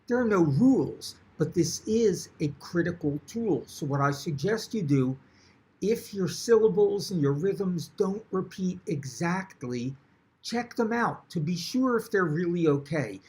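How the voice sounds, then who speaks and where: A man's voice: fairly high pitch, lively intonation, a little slow, a little mellow. A man teaching songwriting in a presentation, explaining patiently and breaking into short sung examples and wry jokes. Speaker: songwriting instructor. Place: video presentation recorded for an online event.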